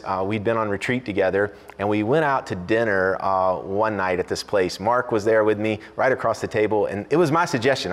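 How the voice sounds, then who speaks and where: A man preaches with a fairly low voice. His delivery is conversational, with jokes and dramatic pauses. The hall behind him rings with a long reverb. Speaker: pastor. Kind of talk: sermon.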